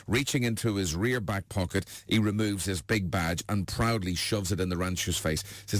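A man hosting a breakfast radio show, telling jokes and chatting in a lively storytelling manner. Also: lowish voice, moderate pace, hardly any pauses, no echo, studio quality. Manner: lively storyteller, animated delivery. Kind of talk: joke-telling and radio banter.

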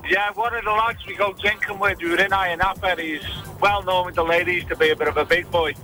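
Man, radio caller, matey and relaxed, high, very bright tone. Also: quick pace, soft background music, poor audio. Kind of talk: casual phone-in chat.

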